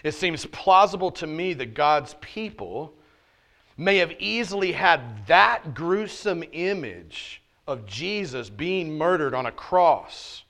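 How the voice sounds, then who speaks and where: Preaching slowly but with lively intonation, a male pastor addresses a church service. His sermon alternates between loud, stressed points and low, quiet asides, spiced with joking street talk.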